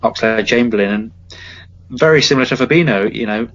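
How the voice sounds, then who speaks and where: A man of middle pitch co-hosting a casual podcast, who rambles along with plenty of ums and restarts. The audio sounds dull and lo-fi, its top end rolled off. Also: quick pace, fairly bright tone. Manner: rambling, many fillers and restarts. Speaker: podcast co-host. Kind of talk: casual football chat.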